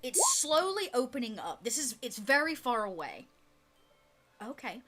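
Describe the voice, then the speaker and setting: A woman's voice: fairly high pitch, sing-song, moderate pace, a bit bright. A woman narrating as game master of a live-streamed tabletop game on an online voice call, loose and chatty with fillers.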